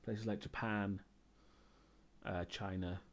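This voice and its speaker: A man's voice: low voice, level tone, slow pace. A man streaming live and chatting casually as he answers viewer questions, rambling and hesitant, with many ums and restarts.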